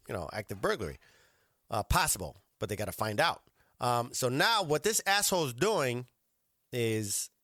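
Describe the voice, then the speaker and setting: A man's voice: mid-range voice, fairly bright tone, no echo, studio quality. A man hosting a podcast, commenting bluntly and profanely on video clips with an authoritative manner. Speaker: podcast host.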